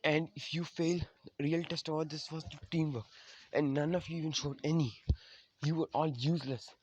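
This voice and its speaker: A man's voice: a little high, fairly even intonation, normal speed, a little mellow, slight background noise, natural voice, poor audio. A man voicing a stern, irritated male ninja teacher who scolds his students bluntly. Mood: scolding.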